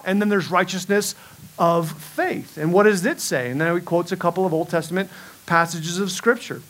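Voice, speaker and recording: A man's voice: high voice, a bit bright. A middle-aged man preaching a sermon as pastor, earnest, often repeating himself as he restarts a thought.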